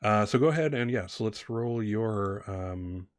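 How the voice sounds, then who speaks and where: A man's voice: on the low side, measured pace, dry recording, clean studio sound. A man narrating a tabletop game as game master, rambling with many fillers and restarts.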